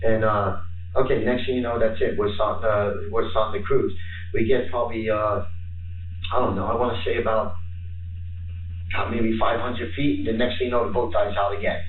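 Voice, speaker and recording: A man giving a rambling, halting account while being questioned by police, repeating himself often. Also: lowish voice, fairly even intonation, a little hiss or hum. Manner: halting, repetitive, fills with "and stuff". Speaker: interviewee under police questioning. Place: police interview room. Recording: echoey, distant, phone-like archive footage.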